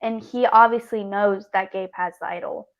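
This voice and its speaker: A woman's voice: medium pitch, steady tone, moderate pace, lo-fi sound. A young woman co-hosting a podcast, talking casually and thoughtfully, often hedging with "I think.". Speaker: podcast co-host. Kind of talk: casual chat.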